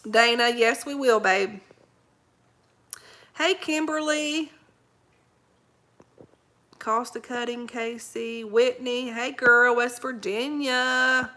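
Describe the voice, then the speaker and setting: Bright, folksy woman livestreamer. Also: fairly high pitch, steady tone, slow pace, long pauses. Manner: rambling, laughs often, folksy slang. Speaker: livestream host reading viewer comments. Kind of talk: casual live chat.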